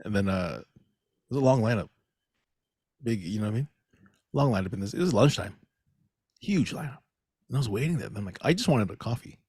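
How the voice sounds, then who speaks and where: Gravelly, animated man chatting on a podcast. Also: on the low side, brisk, long pauses, dry recording, studio quality. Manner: animated, keeps asking "you know what I mean?". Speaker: podcast co-host and comedian. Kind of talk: casual comedy podcast chat.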